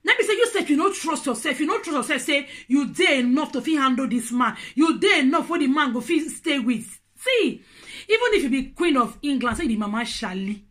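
A woman speaking Nigerian Pidgin, giving casual relationship advice in an animated, preachy and playful way. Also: high voice, a little fast. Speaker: vlogger.

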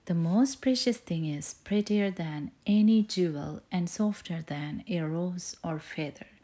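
A gentle mother bear from a bedtime storybook, tender and soothing, as a woman reading aloud puts her on. Her voice is warm and mellow, slow, with a soft breathy edge. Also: on the low side.

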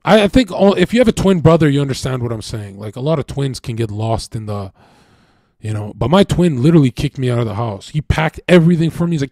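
A young man from Canada, a streamer, talking in a rambling, profane casual monologue that swings between loud bursts and low mutters. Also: animated, fast talker, no echo, studio quality.

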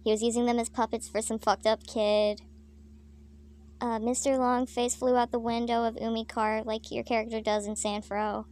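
A woman reading her own comic fanfiction aloud, deadpan with crude, swearing asides. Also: fairly high pitch, moderate pace. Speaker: fanfiction reader.

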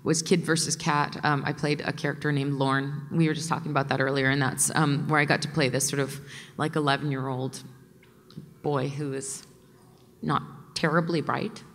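Female voice actor guest, low-pitched, relaxed, echoey convention hall. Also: moderate pace. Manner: warm, laughs while talking, thinks aloud with fillers. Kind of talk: casual panel Q&A answers.

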